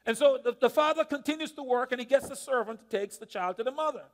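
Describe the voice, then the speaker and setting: A man preaching in a church, his voice sitting very high for a man. He tells a story dramatically, swinging from hushed lines to loud ones. A long reverb trails every phrase. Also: quick pace. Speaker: pastor. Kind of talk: sermon. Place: church sanctuary.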